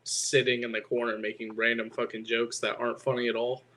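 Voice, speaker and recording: Teen male co-host, mid pitch, rambling casual delivery, curses freely. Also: completely flat delivery, a little fast, a crowd in the background. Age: teenager. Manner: rambling, filler-heavy, swears often. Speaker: podcast co-host. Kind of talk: casual chat.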